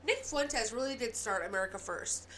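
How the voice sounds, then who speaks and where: Southern woman news host, heated ranty delivery, pitched a bit high, soft hiss behind. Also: lively intonation. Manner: heated ranting with quick apologies. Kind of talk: casual news commentary.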